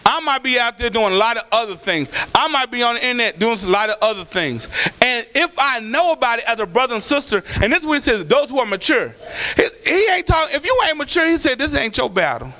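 A very high-pitched man preaching from the pulpit, his voice leaping up and down with lively, animated swings. The tone is bright and sharp, and he moves from shouted declarations to softer, colloquial asides aimed at the people in the pews. It is a fervent church sermon. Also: quick pace. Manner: colloquial, calls out to the congregation. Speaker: pastor.

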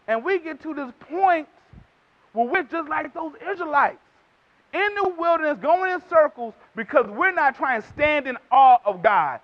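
Casting: very high-pitched male Texan preacher, emphatic sermon delivery, muffled lo-fi audio. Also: expressive, moderate pace. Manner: emphatic preaching, acts out quotes in character voices. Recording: dull lo-fi recording.

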